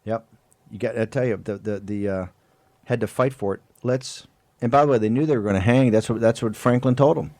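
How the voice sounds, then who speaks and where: Male talk-radio host, fiery and emphatic, fires off rhetorical questions, mid-pitched voice. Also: a little fast, darkish tone, no echo.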